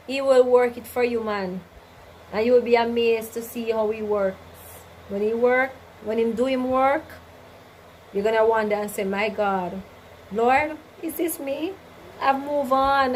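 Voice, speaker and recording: A woman's voice: fairly high pitch, a little mellow, a little hiss or hum, rough recording. A woman hosting a casual livestream chat, reading out viewer comments and giving faith-filled advice, often asking "you understand?". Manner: preachy, faith-driven advice with repeated "you understand?" and "right?". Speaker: livestream host.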